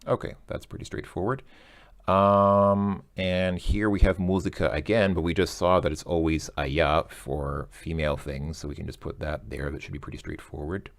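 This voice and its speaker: A man with a low, gravelly voice walks through a language exercise out loud. He muses and second-guesses himself as he goes, pausing to check his answers. His tone stays conversational and unhurried. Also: level tone. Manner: hesitant, self-correcting, musing aloud. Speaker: language tutor. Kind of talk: thinking-aloud lesson walkthrough.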